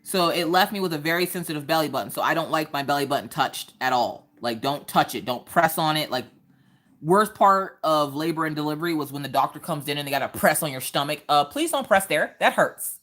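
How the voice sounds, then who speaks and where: A woman, hosting a casual craft livestream chat and telling stories in an animated way. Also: deep voice, fairly quick. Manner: animated storytelling, acts out quoted voices.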